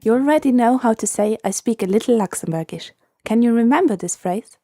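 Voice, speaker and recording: Mellow-voiced woman hosting a language lesson. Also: on the high side, lively intonation, dry recording, clean studio sound, faint music behind. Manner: clear, patient, repeats phrases slowly for learners.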